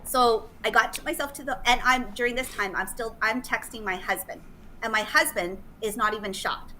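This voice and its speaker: A middle-aged woman from Canada telling a story casually, animated and laughing often, with some swearing. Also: on the high side, normal speed, slight background noise, rough recording. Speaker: guest.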